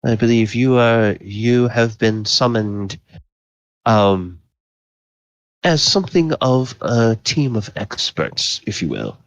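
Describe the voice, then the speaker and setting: Man playing a fussy goblin doorman, polite and flustered, slow halting speech, dry close sound, slightly dull. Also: medium pitch, expressive, no room sound. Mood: flustered politeness. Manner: polite, flustered, hesitant with many ums. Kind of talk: tabletop role-play.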